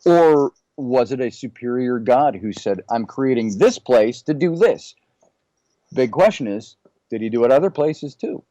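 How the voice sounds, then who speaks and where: A man, a podcast guest, musing out loud and raising question after question in a casual discussion. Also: mid-range voice, lively intonation, a little slow, no echo, muffled recording. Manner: musing, poses many questions.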